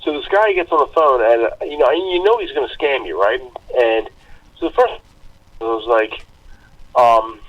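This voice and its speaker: A man with a mid-range voice co-hosts a podcast and tells stories in an animated way. He often restarts his sentences while he talks. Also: mid-range voice, moderate pace, highs cut off. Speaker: podcast co-host. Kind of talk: casual chat, storytelling.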